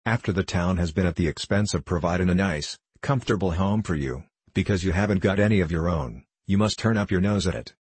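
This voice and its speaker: A man reading as a gruff rustic poorhouse keeper. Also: low-pitched, a little fast, few pauses, a little mellow, dry recording. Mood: indignant. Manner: coarse country dialect, blustering.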